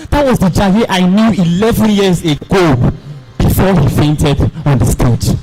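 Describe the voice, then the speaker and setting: A young man tells a dramatic story on stage, theatrical and animated. His fairly high voice swoops up and down, and soft music plays underneath. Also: unhurried, low-quality recording. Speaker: spoken word performer.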